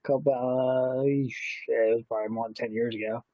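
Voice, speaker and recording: A man's voice: mid-range voice, normal speed, no echo, muffled recording. A man co-hosting a casual podcast, telling crude stories with lots of swearing and sound effects. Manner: laid-back, profane, animated storytelling with sound effects. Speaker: podcast co-host.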